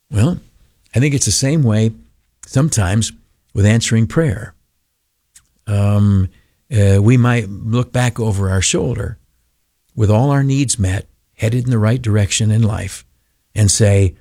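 A man's voice: on the low side, measured pace, warm tone, dry recording, clean studio sound. An older man giving an informal devotional talk in a folksy, rambling way with many fillers.

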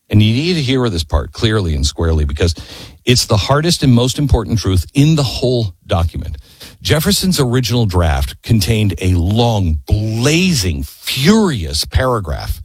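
Emphatic male storyteller, animated pitch. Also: slightly rough, no echo. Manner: emphatic storytelling, with quoted voices and rhetorical questions. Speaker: speaker. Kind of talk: impassioned history talk.

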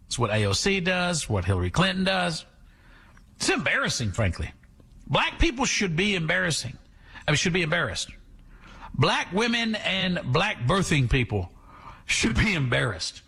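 A male talk radio host delivers sarcastic, animated commentary, his voice swinging widely in pitch. It sounds high, bright and a bit husky. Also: normal speed, long pauses.

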